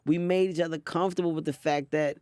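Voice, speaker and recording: A man in his thirties, a comedian guest in a studio interview, telling stories in an animated, quick way. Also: a little high, clean tone, no echo. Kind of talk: interview storytelling.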